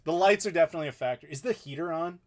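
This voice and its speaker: A man in his thirties chats easily through a live question-and-answer stream from his home. His voice sits a bit high for a man. He laughs often and keeps things relaxed at a desk mic. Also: very fast. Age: 30s. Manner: easygoing and chatty, laughs often. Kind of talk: casual live Q&A chat. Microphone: desk mic in front of him.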